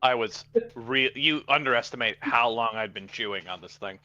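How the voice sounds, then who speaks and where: A man's voice: medium pitch, normal speed, pushed and bright. A man playing a tabletop game, laid-back and laughing in casual chat. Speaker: player. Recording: dull lo-fi mic.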